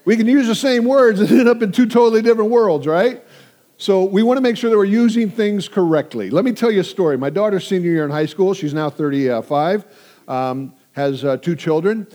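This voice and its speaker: A man's voice: high-pitched, brisk, mellow. A man in his sixties preaching a sermon, telling stories energetically and engaging his audience. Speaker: pastor.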